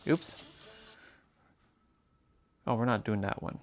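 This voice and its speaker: A man's voice: mid-range voice, measured pace, a bit bright, soft background music. A man chatting casually to viewers on his live stream, rambling and repeating himself as he talks. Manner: rambling, repeats phrases and restarts. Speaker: livestreamer.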